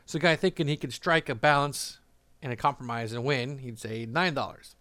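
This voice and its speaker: A man's voice: mid-range voice, brisk, pushed and bright, smooth, dry recording. Chuckling man rambling through a memory. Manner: rambling, laughs often, many fillers and restarts. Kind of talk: casual storytelling monologue.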